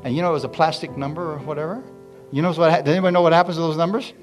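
Animated pastor, a man telling stories. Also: on the high side, very fast, soft background music. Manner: animated, calls out to the congregation. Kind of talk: sermon storytelling.

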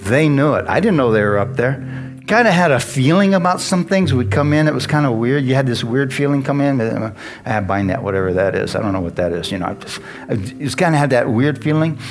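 Male pastor, middle pitch, chatty preaching with questions to the congregation, guitar playing under him. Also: lively intonation, fairly quick. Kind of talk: sermon. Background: guitar music.

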